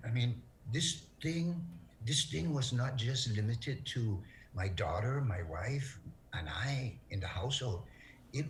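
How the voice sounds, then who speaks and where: A middle-aged man, a guest in an interview, tells a personal story earnestly and haltingly as his voice breaks with emotion. His voice sits on the low side, and there's a little hiss or hum.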